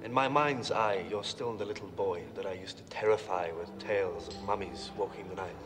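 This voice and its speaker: An actor playing an old family friend with a dry, wry manner. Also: male voice, deep voice, normal speed, natural voice. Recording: reverberant with music score.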